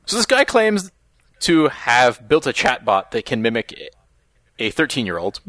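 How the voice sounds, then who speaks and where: Bright, animated man co-hosting. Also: mid-range voice, no room sound. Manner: wry, joking, quick asides. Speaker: podcast co-host. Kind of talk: casual chat.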